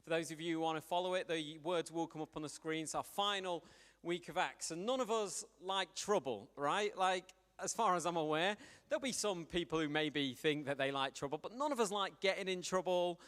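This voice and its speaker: A man gives a sermon, telling stories in a chatty, lively way. His voice sits a little higher than most men's. The church's long reverb trails after each phrase. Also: fairly quick. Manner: conversational, animated storytelling. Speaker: preacher.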